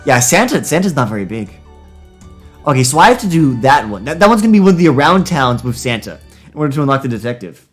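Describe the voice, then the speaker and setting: Excitable man, live game commentary, hugely animated delivery, medium pitch. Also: quick pace, soft background music. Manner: excitable, loud reactions. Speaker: streamer playing a text adventure.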